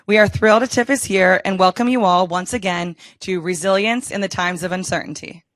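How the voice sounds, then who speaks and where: A woman's voice: mid-range voice, fairly quick, dry recording. Woman reading a formal introduction, dry sound. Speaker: event host introducing the speaker. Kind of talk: read introduction.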